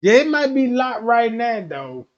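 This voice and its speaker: A man hosting a livestream, ranting crudely and loudly for laughs. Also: very high-pitched, measured pace, lo-fi sound. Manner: loud, animated, profane, often laughing. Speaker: livestream host. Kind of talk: crude comedic rant.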